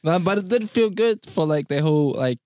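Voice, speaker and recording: A man's voice: a little high, lively intonation, brisk, darkish tone, no room sound, clean studio sound. Laid-back young New Zealand man, slangy. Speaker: dancer guest. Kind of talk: casual podcast chat.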